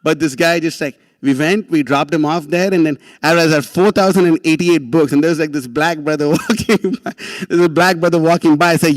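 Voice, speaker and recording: A young man telling a story in a slangy, excitable way, often laughing, while giving a class. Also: on the high side, brisk, hardly any pauses, dry recording. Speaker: class speaker. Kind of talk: animated storytelling talk.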